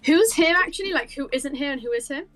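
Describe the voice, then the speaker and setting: A woman's voice: sits high, lively intonation, fast, a bit bright, low-quality recording. A woman playing a tabletop role-playing game, eager and full of suggestions. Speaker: player. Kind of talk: casual tabletop game chat.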